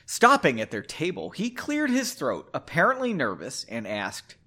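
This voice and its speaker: A man's voice: on the high side, wildly swooping pitch, normal speed, sharp tone. Joking man reading a story aloud. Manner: sarcastic, self-mocking.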